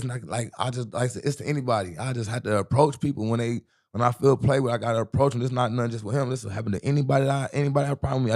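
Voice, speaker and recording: A man's voice: medium pitch, vocal fry, a little mellow. A young man from the US Midwest, a rapper guest in an interview, telling a rambling, profane street story and often asking "you know what I'm saying".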